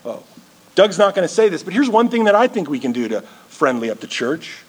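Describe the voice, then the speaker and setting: Brief: male pastor, sermon delivery, earnest, somewhat high voice, restarts phrases. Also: sing-song, brisk, breathy edge. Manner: earnest, repeats words as he builds. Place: church.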